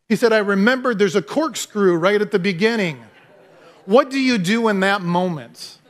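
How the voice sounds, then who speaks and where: High-voiced pastor telling lively stories. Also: male voice. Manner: animated storytelling, self-deprecating humor. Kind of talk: sermon with closing prayer.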